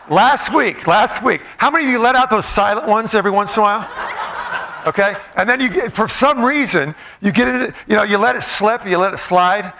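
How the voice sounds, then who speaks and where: Playful, bright-voiced male speaker. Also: high voice, a little hiss or hum. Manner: playful, joking, directs the crowd. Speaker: motivational speaker. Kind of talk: interactive comedic talk to a live audience. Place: event room with tables of listeners.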